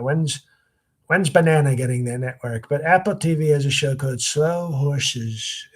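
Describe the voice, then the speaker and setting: A man's voice: medium pitch, slightly rough, close to an everyday voice. A man doing a comedic impression of a boastful, crude older male president who rambles and drags out his phrases.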